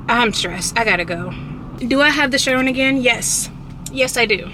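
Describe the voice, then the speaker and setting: A young woman, chatting casually in her vlog and telling stories with animated quoted outbursts. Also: a little high, normal speed, noisy background. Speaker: vlogger. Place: inside a car.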